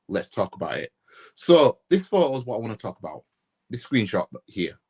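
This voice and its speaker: A blunt man from Yorkshire rants into the camera as a football fan vlogger, swearing and firing off rhetorical questions. His pitch swings widely as he repeats himself for emphasis. His voice has a husky, slightly rough edge. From Yorkshire, England. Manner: blunt, profane, repetitive ranting with rhetorical questions. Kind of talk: ranting casual vlog.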